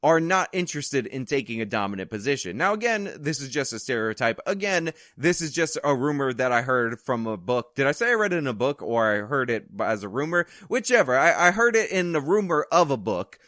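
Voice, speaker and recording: A man's voice: medium pitch, big pitch swings, brisk, few pauses, fairly bright tone, no room sound, clean studio sound. A man hosting an opinion commentary video, delivering it with sarcastic, mocking asides.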